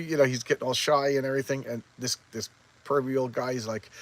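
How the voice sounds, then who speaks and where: A man casually reviewing a comic book, talking quickly and excitably with many restarts as he retells the story. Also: medium pitch, rough recording.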